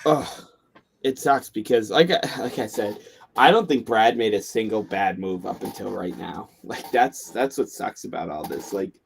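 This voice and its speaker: A man with a gravelly, creaky voice joins a live sports talk stream over a call, and faint noise sits under his words. He talks in a laid-back, hesitant way, full of fillers. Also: lowish voice, expressive, moderate pace. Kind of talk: casual sports talk chat.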